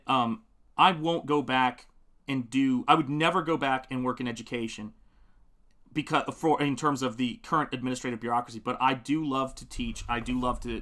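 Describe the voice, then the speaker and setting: A middle-aged man talks casually on a live stream as he paints. His pitch sits in a typical middle range, and his talk wanders from point to point. He breaks off often to read out viewer comments and laughs easily. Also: fairly bright tone. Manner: works on a painting while talking.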